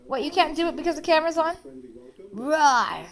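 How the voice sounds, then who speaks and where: A woman's voice: extremely high pitch, very animated, moderate pace. A young woman filming her baby at home, chatting in cooing baby talk. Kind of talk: home vlog chat.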